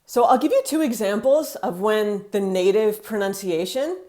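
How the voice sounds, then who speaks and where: American woman vlogging, chatty and animated, acts out little quotes. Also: mid-range voice, moderate pace. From United States. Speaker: vlogger living in France. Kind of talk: casual talk to camera.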